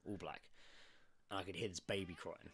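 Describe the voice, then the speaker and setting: A young man co-hosting a podcast, telling stories in a casual, animated way and swearing freely. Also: normal speed, noisy background. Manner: animated storyteller, swears freely, lively pitch swings. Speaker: podcast co-host. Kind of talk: casual chat.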